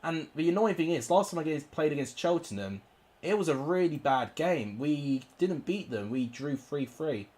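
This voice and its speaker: A man's voice: fairly high pitch, animated, normal speed, a little mellow. A young man commentating live on his football game, frustrated and exclamatory, cursing at his players. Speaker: gaming YouTuber.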